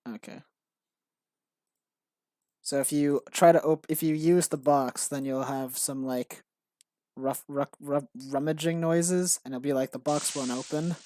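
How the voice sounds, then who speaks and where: A man's voice: mid-range voice, fairly even intonation, unhurried, pauses often, warm tone, no echo, clean studio sound. A man streaming while he builds his own game, rambling casually with many restarts and fillers. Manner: rambling, self-interrupting, frequent fillers and restarts. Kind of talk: casual live-stream commentary.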